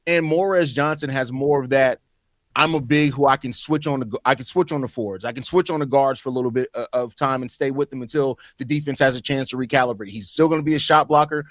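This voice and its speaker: A man's voice: medium pitch, fast talker, no echo. Analytical male podcast co-host. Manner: analytical, teasing. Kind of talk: casual roundtable chat.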